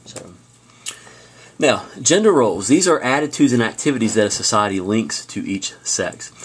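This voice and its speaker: A man teaching a high school class on video, telling stories in a casual way with fillers and restarts. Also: big pitch swings, normal speed, husky.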